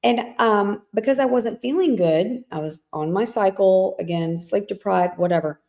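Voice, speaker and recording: In casual podcast chat, a woman in her thirties co-hosts and tells personal stories candidly and emotionally, full of fillers and restarts. Her medium-pitched voice is gravelly and mellow, moving at a moderate pace.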